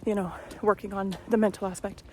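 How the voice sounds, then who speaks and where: A woman in her thirties talks casually into her phone while walking outdoors. She tells a long story at an easy conversational pace and sometimes voices the people in it. Her pitch sits in a medium range for a woman, and faint background noise runs under the talk. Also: flat delivery, a little fast. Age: 30s. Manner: chatty storytelling, acts out quoted voices. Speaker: vlogger. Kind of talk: casual walk-and-talk vlog. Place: outdoors on a walk.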